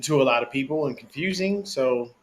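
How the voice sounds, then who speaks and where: Animated man on a fan podcast. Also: mid-range voice, fairly quick. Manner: animated, laughing, slangy fan talk. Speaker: podcast co-host. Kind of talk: casual sports podcast chat.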